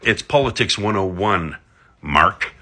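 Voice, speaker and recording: A man's voice: expressive, slow pace, pushed and bright. Profane sarcastic man ranting. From Alberta, Canada. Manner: sarcastic, heavy swearing, big pitch swings. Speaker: political commentator.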